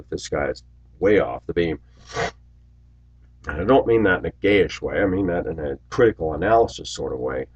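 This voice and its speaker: A man in his forties telling stories in a rambling monologue to his viewers, raising his voice loudly when he acts out what people said. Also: deep voice, animated, normal speed, long pauses, slightly rough, dull audio. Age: 40s. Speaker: video blogger. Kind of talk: casual monologue to camera.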